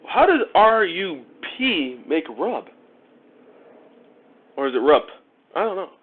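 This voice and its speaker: A high-pitched, very animated man talks at a slow pace. He's an Ohio motorcycle vlogger wiring up a motorcycle on a casual live stream, joking with viewers and laughing often, recorded with narrow-band audio that resembles a phone.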